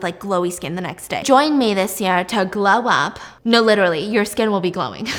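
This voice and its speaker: A woman's voice: fairly high pitch, fairly bright tone. A young woman hosting a storytime vlog, talking in a casual, enthusiastic way. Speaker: host. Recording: long echoey room reverb.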